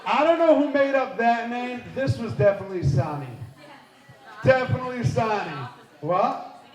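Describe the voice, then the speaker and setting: A man hosting a live quiz game at a party, energetic and playful, shouting out countdowns to the crowd. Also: extremely high pitch, moderate pace. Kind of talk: lively live event hosting. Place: large indoor party hall. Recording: echoey hall with music and crowd.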